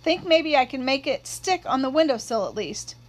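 Lady doing a bossy big brother kid, teasing, kinda high. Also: big pitch swings, normal speed.

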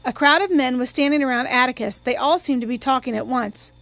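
Woman audiobook narrator, high voice, steady storytelling, dry close studio sound. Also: a little fast, no room sound. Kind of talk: scripted narration.

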